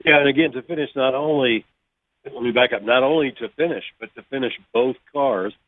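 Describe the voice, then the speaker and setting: A man chats as a guest, rambling and doubling back to rephrase his points. He comes through a thin, tinny phone line with a dry sound and a middling pitch. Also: brisk, no echo. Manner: rambling, backs up and restarts thoughts. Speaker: guest, former racing driver. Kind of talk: casual chat on a call.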